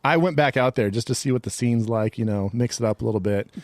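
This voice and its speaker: A man with an ordinary middle-pitched voice spins a playful, rambling story for his co-hosts, often breaking into laughter. His voice is close and dry, with little room sound around it. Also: fast, darkish tone, no echo. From California. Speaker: podcast host. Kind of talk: casual comedic banter. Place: outdoor studio.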